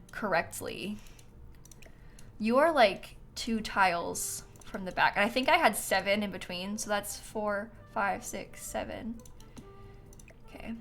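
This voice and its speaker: Bright, lively woman streaming casually. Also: medium pitch. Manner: chatty and giggly, reads out chat donations. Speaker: livestream host. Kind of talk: casual chat while gaming.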